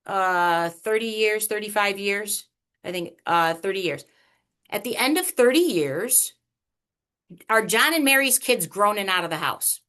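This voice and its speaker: A woman presenting a money workshop over a video call, chatty and animated, teasing the audience with questions. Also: medium pitch, unhurried. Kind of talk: online workshop lecture.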